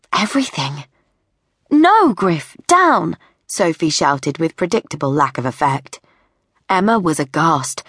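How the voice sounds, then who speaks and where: Brief: woman audiobook narrator, lowish voice, measured and wry, close dry studio sound. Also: no echo.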